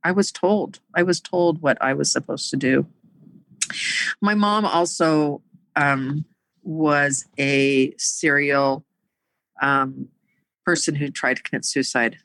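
A middle-aged woman telling her own life story in a halting, earnest way, with many pauses and fillers. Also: low voice, fairly bright tone, no echo, low-quality recording. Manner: earnest and emotional. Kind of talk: personal storytelling.

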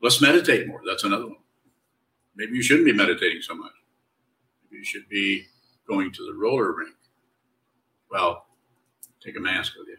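Low-voiced man teaching from a distance. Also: normal speed, pauses often, a little hiss or hum. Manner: relaxed, conversational, wry and teasing. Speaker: meditation teacher. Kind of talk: spiritual Q&A teaching.

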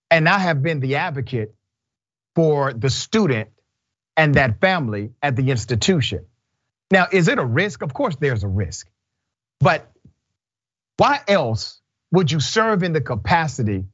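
A male news show host reads stories and adds his own pointed commentary. His voice sits at a middle pitch, and the audio is a little dull. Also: slightly rough. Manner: emphatic, with rhetorical questions.

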